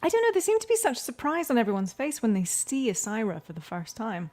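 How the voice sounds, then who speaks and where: A woman's voice: a little high, wildly swooping pitch, fast, a little mellow. Casual woman chiming in on a podcast. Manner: casual, asks questions and chimes in. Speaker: podcast co-host. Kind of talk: casual recap chat.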